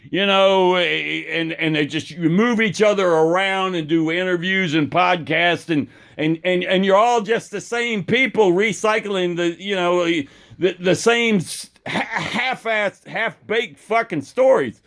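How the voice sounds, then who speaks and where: A man's voice: sits high, fairly bright tone. A man delivering an angry, profane political rant with many stumbling restarts. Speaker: political commentator.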